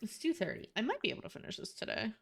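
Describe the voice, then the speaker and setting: A woman's voice: fairly high pitch, wildly swooping pitch, racing, gravelly, slight background noise. A woman streamer chatting casually while she draws, playful and a little scattered.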